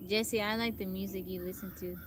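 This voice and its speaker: A livestream host speaks a little fast in a steady, medium-pitched voice, with noise around her. She's outdoors in a forest on a casual stream, chatty as she greets viewers by name and reads out what they comment.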